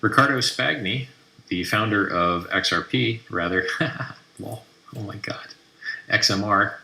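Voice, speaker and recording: Hosting a live stream, a man reads through posts and brashly mocks and trash talks them. His lowish voice has vocal fry and a sharp tone, and he keeps a measured pace. The room is roomy and echoey.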